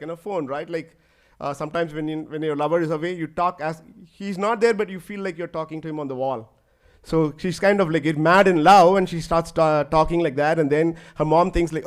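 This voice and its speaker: A man giving a conference lecture, telling stories in an animated way and often saying "like". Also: a little high. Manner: animated, fills speech with "like".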